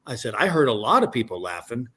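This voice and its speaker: A man's voice: mid-range voice, sing-song, fast talker, fairly bright tone, slightly rough. An older man, a guest comedian, telling stories in casual chat and rambling with many restarts.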